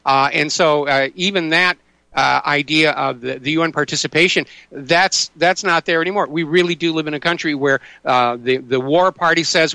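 A male talk radio host with a bright, sharp tone, recorded close and dry with no room sound. He speaks a little higher than most men and cuts in with pointed remarks. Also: fairly even intonation, normal speed, smooth, dry recording.

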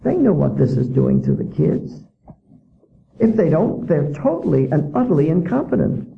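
Indignant gravelly man lecturing. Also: fairly high pitch, very animated, normal speed, narrow, tinny audio. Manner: indignant, heavy use of rhetorical questions. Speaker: author and public speaker. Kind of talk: public lecture to an audience.

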